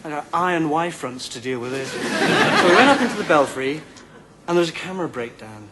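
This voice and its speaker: A man's voice: on the high side, animated, heavy background noise. A man telling silly comic anecdotes as a guest on a chat show, recorded in a television studio with a live audience. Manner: playful, silly, quick comic storytelling. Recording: 1990 TV broadcast, audience laughter. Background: studio audience laughing.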